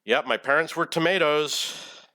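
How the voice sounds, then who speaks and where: A man's voice: a little high, a little slow, sharp tone, no echo. Cranky man in his forties, dry. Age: 40s. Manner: rambling, profane, easily irritated. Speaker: gamer commentating his replay. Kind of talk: casual gameplay commentary.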